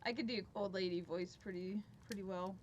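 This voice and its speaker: A woman's voice: mid-range voice, steady tone, a little fast, a little mellow, slight background noise. A young woman livestreaming a video game, chatting casually and thinking aloud, sometimes dropping to a mutter. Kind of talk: casual gameplay commentary.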